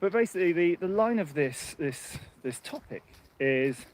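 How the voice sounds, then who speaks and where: A man's voice: fairly high pitch, lively intonation, normal speed. Rambling man chatting outdoors. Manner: rambling, chatty, laughs often. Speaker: livestream host. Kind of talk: casual live chat. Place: outdoors on a muddy path. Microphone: handheld phone.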